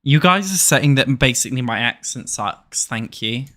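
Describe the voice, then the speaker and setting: British man, chatty and joking, bright forward voice, desk mic. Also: mid-range voice, expressive, moderate pace. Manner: chatty, joking, self-described posh. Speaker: streamer. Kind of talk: casual live game stream chat.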